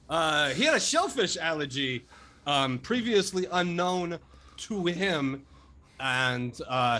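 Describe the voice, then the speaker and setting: Man player, slow pace, bright lively pitch, dry hesitant delivery. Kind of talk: in-character tabletop play.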